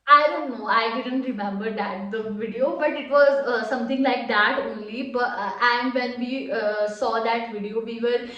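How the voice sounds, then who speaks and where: A woman's voice: fairly high pitch, a bit bright, muffled recording. A woman with an Indian accent giving her opinion in a casual reaction chat, hesitant with frequent "uh"s. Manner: hesitant, full of "uh" and restarts. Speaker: reaction channel co-host. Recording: echoey room, voice set off-mic.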